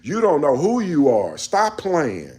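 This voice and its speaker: A man's voice: on the high side, wildly swooping pitch, slow, darkish tone. A man in a casual monologue on world events, emphatic and preachy, scolding his listeners in slangy speech. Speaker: commentator.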